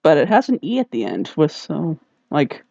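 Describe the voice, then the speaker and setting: A man's voice: a little high, wildly swooping pitch, normal speed, vocal fry, darkish tone, no echo. A man co-hosting a podcast in casual chat, laughing often and swearing casually. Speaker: podcast co-host. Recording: dull lo-fi dry sound.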